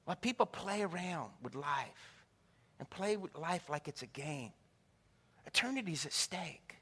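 A high, bright-voiced man preaching a sermon, telling stories and calling out to the congregation. His voice rings with the long reverb of a big church hall. He drifts between quiet, low storytelling and loud, high-pitched calls. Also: lively intonation, measured pace, breathy edge.

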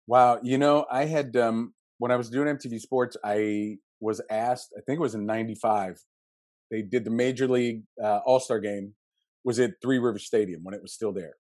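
A man from Western Pennsylvania in his fifties with a Pittsburgh accent, a podcast guest telling animated, jokey stories. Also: medium pitch, no echo, studio quality. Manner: animated storyteller, jokey, quick asides. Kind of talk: casual podcast interview.

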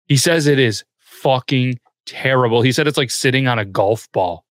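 Casting: man, mid pitch, dry close mic, deadpan and laid-back. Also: moderate pace, no echo. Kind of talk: casual crude chat.

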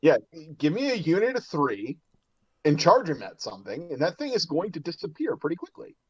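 Relaxed man on a dull lo-fi mic. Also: a little high, a little fast, slightly rough, no room sound. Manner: relaxed and enthusiastic, laughs easily. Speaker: podcast guest. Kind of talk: casual hobby podcast chat.

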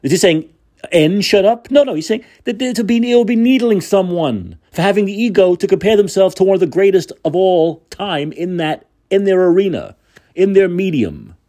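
A man hosts his own podcast in a heated solo monologue. His pitch rises and falls a lot, set a touch high, and his delivery is combative and mocking. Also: big pitch swings, a little fast, mellow. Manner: combative, ranting, sarcastic. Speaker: podcast host. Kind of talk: opinion monologue.

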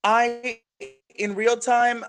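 A man's voice: very high-pitched, flat delivery, drawn-out words, fairly bright tone. A man co-hosting a casual podcast chat, earnest and given to repeating himself. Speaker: podcast co-host.

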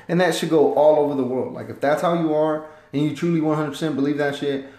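A man from the United States, a former Marine turned podcast host, talks in a loose, rambling monologue full of swearing. His voice sits at an ordinary middle pitch and swings between loud emphatic bursts and quieter asides. The recording has a noticeable roomy echo.

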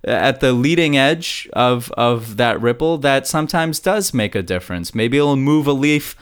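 A man co-hosting a casual podcast chat, rambling and animated, often repeating himself as he builds a point. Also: mid-range voice, normal speed, clear, resonant tone. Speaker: podcast co-host.

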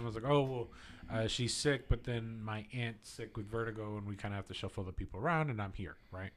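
A young man co-hosting a podcast, telling a story in casual chat, his voice trailing off softly at the ends of phrases. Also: lowish voice, brisk, a little hiss or hum. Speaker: podcast co-host.

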